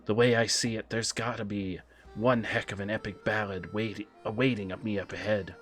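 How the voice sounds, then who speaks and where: A man's voice: lowish voice, fairly even intonation, normal speed, fairly bright tone, soft background music, lightly acted. A man voicing a chatty wandering male bard in a put-on Australian accent, friendly and folksy. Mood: chummy.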